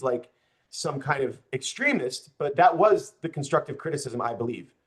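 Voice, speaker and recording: A young man, a political candidate, speaking passionately and with open frustration to a group, addressing the audience directly. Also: mid-range voice. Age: young adult. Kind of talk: campaign speech to a group.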